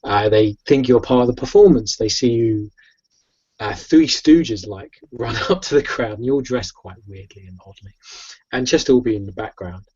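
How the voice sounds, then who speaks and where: A man running a tabletop game as game master, telling the scene in a lively, stumbling storytelling way. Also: medium pitch, normal speed, slightly rough. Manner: lively storytelling with restarts and laughs. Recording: dull lo-fi recording.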